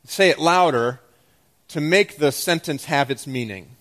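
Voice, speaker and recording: Animated man preaching a sermon. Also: fairly high pitch, measured pace. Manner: animated and self-deprecating, swings from loud excitement to quiet emphasis. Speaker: pastor.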